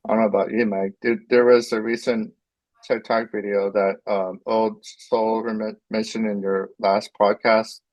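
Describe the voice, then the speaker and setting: Halting low-voiced man from Portland. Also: level tone, darkish tone, dry recording, lo-fi sound. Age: 30s. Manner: halting, full of fillers. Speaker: podcast guest.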